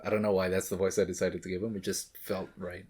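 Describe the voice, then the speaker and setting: A man's voice: low-pitched, flat delivery, fast talker, darkish tone, husky. A man hosting a movie reaction, rambling and joking as he talks back to the screen. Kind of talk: casual reaction commentary.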